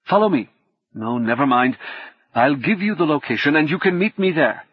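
A male narrator voicing a bad-tempered old male hacker with a South African accent, gruff and snapping. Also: fairly high pitch, lively intonation, moderate pace, dry recording, dull audio, voice pushed up. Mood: irritable.

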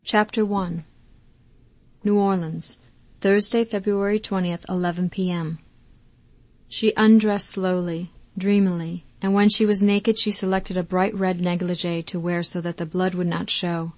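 Woman narrator, audiobook, measured, calm, dry studio sound. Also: fairly low pitch, no echo. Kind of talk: scripted narration.

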